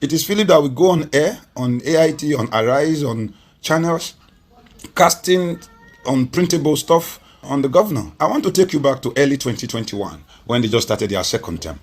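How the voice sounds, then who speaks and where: A man's voice: mid-range voice, lively intonation, normal speed, husky. A Nigerian man speaking as a political guest on a TV interview, making emphatic points with rhetorical repetition. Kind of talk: TV interview commentary.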